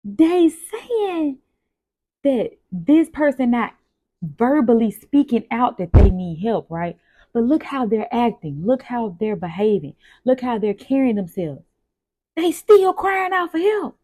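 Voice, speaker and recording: Animated woman giving a casual devotional. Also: fairly high pitch, unhurried, no room sound. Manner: animated, repetitive preacherly emphasis with rhetorical questions. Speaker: host journaling aloud on faith.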